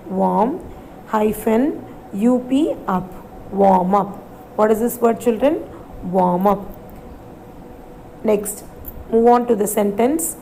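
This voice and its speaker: Indian English woman, schoolteacher voice, slightly high, unhurried spelling drills, faint background hiss. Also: mellow, low-quality recording. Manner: slow, spells words letter by letter and asks questions. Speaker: primary school English teacher. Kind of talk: recorded classroom reading lesson for children.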